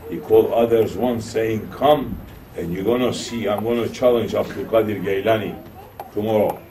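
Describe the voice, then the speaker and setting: A man with a Turkish accent, a Sufi shaykh, tells a story in a sermon and acts out the voices of its characters. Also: a little hiss or hum. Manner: animated storytelling, acting out quoted voices with rising pitch. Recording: distant mic with faint room ambience.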